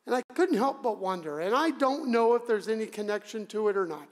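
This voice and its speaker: A man's voice: sits high, animated, fairly quick. A male pastor giving a conversational sermon, with dramatic, emphatic delivery. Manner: conversational, dramatic preaching with sudden loud emphasis. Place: church sanctuary. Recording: long church reverb.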